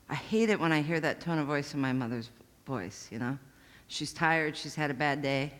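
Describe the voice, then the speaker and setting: A woman's voice: low voice, normal speed. A woman pastor delivering a conversational, storytelling sermon to her congregation. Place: church sanctuary. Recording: long church-hall reverb.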